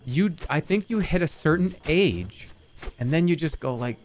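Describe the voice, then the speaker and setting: A man's voice: fairly high pitch, lively intonation, moderate pace. A middle-aged man streaming a game, joking and swearing casually as he plays. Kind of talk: casual gameplay commentary.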